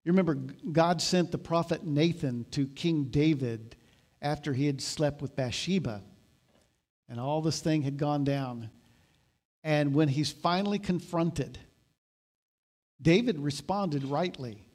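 High-voiced man preaching a sermon. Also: unhurried, darkish tone. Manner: conversational preaching, rising to emphatic exhortation. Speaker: pastor.

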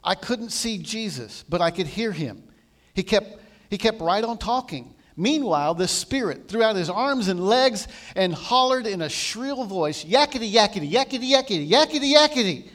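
A man preaching a sermon, retelling a story with animated delivery and quoting voices that swing from loud to hushed. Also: sits high, unhurried.

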